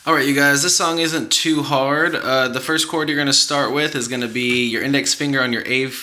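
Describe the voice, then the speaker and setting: A man's voice: medium pitch, fairly even intonation, a little fast, bright, forceful tone. A young man giving a patient, encouraging guitar lesson, counting the beats aloud as he walks through chords. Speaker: guitar teacher. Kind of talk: guitar tutorial. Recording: guitar playing under the voice. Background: guitar playing.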